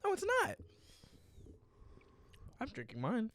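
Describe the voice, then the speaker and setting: A young man co-hosting a casual podcast pokes fun at his friend, swears openly and leans on filler words. His very high voice swoops wildly in pitch, sounds a bit bright, and moves at a slow pace.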